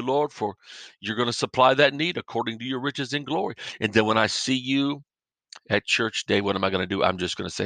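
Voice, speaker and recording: Male podcast preacher, conversational sermon, bright forceful tone with a gravelly edge, repeats himself and tells homespun stories. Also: on the low side, no echo. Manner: folksy, repetitive, illustrates with everyday stories.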